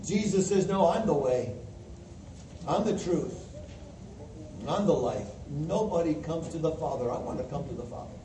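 A man's voice: a little high, animated, moderate pace, long pauses, warm tone, slight background noise. Man, preacher, sermon, emphatic, quotes scripture, roomy distant mic.

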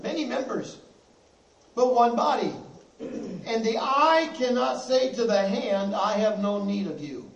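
A man preaching a sermon to his congregation in a church, repeating key phrases and slowing down to stress them. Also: very high-pitched, lo-fi sound. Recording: echoey, distant room mic.

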